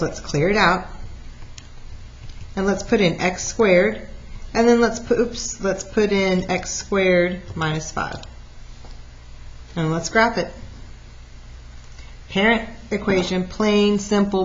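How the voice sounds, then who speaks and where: Lively woman teaching math, lo-fi. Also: mid-range voice, slight background noise. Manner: lively, talks through steps aloud. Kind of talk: recorded math lesson. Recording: dull lo-fi recording.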